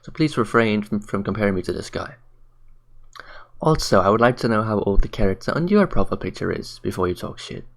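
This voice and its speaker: A man's voice: on the low side, big pitch swings, brisk, gravelly. A man ranting on camera in a blunt, profane, mocking way, tired late at night. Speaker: commentary vlogger. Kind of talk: ranting commentary.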